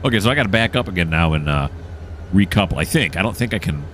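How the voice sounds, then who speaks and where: A man with a low, deep voice talks casually over his gameplay and walks the listener through each move. He sounds keen and chatty, and faint engine and game ambience hums behind him. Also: animated, fast talker, fairly bright tone, slight background noise. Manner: enthusiastic, explains each step as he plays. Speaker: gameplay streamer.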